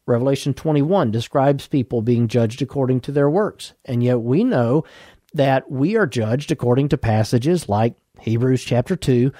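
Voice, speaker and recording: A man giving a doctrinal Bible teaching as a podcast teacher, measured and leaning hard on key words. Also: mid-range voice, warm tone, dry recording, studio quality.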